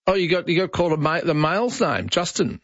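Talking fast with big pitch swings, a middle-aged Australian man hosts casual talkback radio and reacts to listener messages with his opinions. His voice is a little high, recorded on a studio microphone with no room sound, and the broadcast quality is slightly dull.

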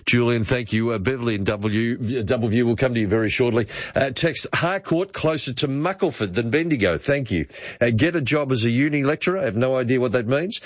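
An older man hosting talkback radio, chatty and quick to exclaim as he reads listener texts aloud. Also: medium pitch, dry recording. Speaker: radio host. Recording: dull dry studio sound.

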